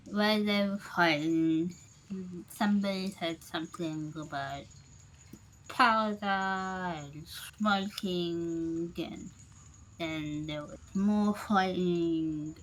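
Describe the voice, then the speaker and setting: A woman's voice: lowish voice, drawn-out words, rough recording. A woman doing a rambling drunk tavern regular. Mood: gossipy. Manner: rambling, gossipy, folksy. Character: chatty drunk tavern man, loyal to his boss.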